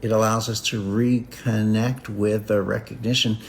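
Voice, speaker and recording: Male spiritual teacher with a lower voice; unhurried, repetitive, meditative delivery for a live talk. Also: level tone, a little hiss or hum. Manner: slow, repetitive, contemplative phrasing with long pauses.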